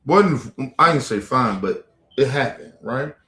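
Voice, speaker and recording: A man talks to his stream viewers in a blunt, rambling, profane manner. His voice sits at an ordinary middle pitch. The room around him rings with noticeable echo. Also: expressive, slow, a bit bright. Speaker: live stream host. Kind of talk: casual storytelling to viewers. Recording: echoey room.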